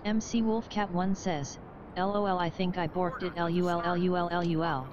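A synthetic woman's voice reading chat messages aloud in an even, mechanical way. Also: lowish voice, moderate pace, lo-fi sound, a crowd in the background. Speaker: text-to-speech chat reader.

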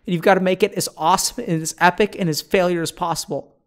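A man's voice: sits high, fairly even intonation, fast. A man streamer giving an earnest, pleading motivational speech with casual swearing. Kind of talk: motivational pep talk on stream.

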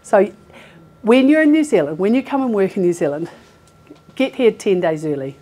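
A woman's voice: mid-range voice, lively intonation, normal speed, a crowd in the background. A woman in her forties, a recruiter giving a chatty, informal talk to an audience, laughing often and using lots of fillers. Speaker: healthcare recruiter presenting. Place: meeting room with a live audience.

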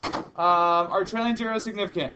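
A man's voice: sits high, fairly even intonation, normal speed, pushed and bright, muffled recording. A male chemistry teacher lecturing a class, chatty and teasing, repeating the key points. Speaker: high school chemistry teacher.

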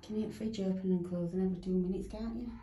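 A woman's voice: mid-range voice, steady tone, rapid-fire, warm tone, echoey room. A woman cooing to her cat in sing-song baby talk at home, recorded from a distance. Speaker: cat owner filming her pet. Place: home, indoors.

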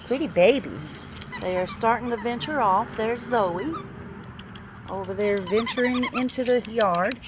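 A woman's voice: fairly high pitch, measured pace, noisy background. A woman dog breeder showing her puppies outdoors, cooing baby talk to them and laughing often. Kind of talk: casual puppy showcase. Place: outdoors in a yard.

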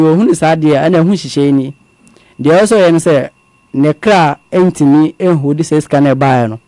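A man, calmly recounting a personal story as a guest in a conversational interview. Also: fairly high pitch, no echo. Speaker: guest telling his story. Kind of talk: conversational testimony.

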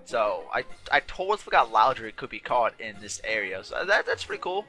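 A man with a very bright, forward voice talks over a video game, chatty and rambling, often restarting his sentences. He sounds a little tired, with game music faint behind him. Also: mid-range voice, very animated, normal speed. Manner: rambling, self-correcting, chatty. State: yawning, a bit tired. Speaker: let's play host. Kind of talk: casual gameplay commentary.

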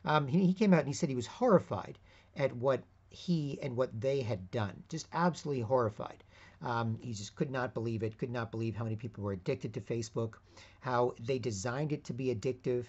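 A man's voice: medium pitch, brisk, a little mellow, slightly rough. A man hosting an online show, talking in a rambling, unscripted monologue full of fillers and restarts. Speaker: host. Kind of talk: casual monologue. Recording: slightly dull lo-fi audio.

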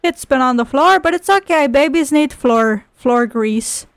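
A young woman with a high voice gives laid-back, sweary, sarcastic commentary while playing a game, often breaking into exclamations. She talks at an unhurried pace into a close mic, and the sound is dry and direct. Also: lively intonation, no echo. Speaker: gaming video host. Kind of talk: casual let's-play commentary.

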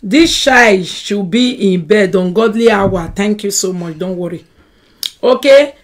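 A woman with a Nigerian accent hosting a casual live stream from home, answering viewers' comments in an animated, argumentative way. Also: mid-range voice.

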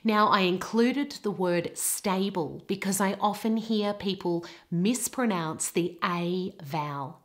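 A woman presenting a short pronunciation lesson at a slow, unhurried pace. She sets out each word with care and repeats it for the listener to copy. Her pitch sits in a medium range. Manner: clear, deliberate model pronunciations. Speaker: pronunciation teacher.

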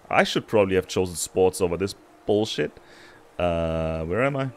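A man commentating his own gameplay, cursing in frustration and swinging between loud outbursts and low muttering. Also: sing-song, normal speed, a little hiss or hum. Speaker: gaming streamer. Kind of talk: let's play commentary.

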